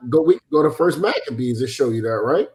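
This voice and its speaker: A man's voice: mid-range voice, expressive, fairly quick, darkish tone. A man talking casually about scripture, rambling and searching for his words.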